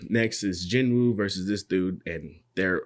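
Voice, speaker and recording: A man's voice: low-pitched, unhurried. A man on a podcast, casually recapping an anime episode and acting out the characters' lines as he tells it. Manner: animated storyteller, acts out characters' lines. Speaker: podcast co-host.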